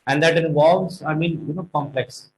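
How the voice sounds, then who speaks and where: A man's voice: a little high, fairly even intonation, soft background music, rough recording. Emphatic tutor, man. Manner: emphatic, stresses key words, slows for points. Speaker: IELTS tutor. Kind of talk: teaching exam tips.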